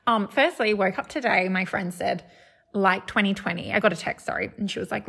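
A young woman with an Australian accent co-hosting a podcast, chatty and quick to laugh. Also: mid-range voice, gravelly, a bit bright, breathy edge. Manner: chatty, laughs easily, tells anecdotes. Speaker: podcast co-host. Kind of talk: casual chat.

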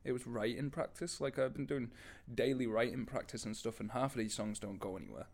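A man's voice: mid-range voice, brisk, vocal fry, darkish tone. A man, a band member chatting casually about gigs, laughing often and swearing as he tells stories. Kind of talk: casual chat.

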